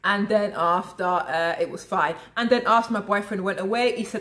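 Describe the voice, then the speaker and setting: A woman's voice: medium pitch, moderate pace, hardly any pauses, a bit bright. A woman vlogger chatting casually to camera, calling her viewers "guys" and often restarting her sentences. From lives abroad in Italy. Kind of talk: casual vlog chat to camera.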